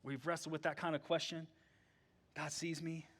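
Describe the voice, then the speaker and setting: Bright high-voiced male pastor preaching. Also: little pitch movement, normal speed. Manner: conversational, full of "like", moving between eager and hushed tones. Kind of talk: sermon.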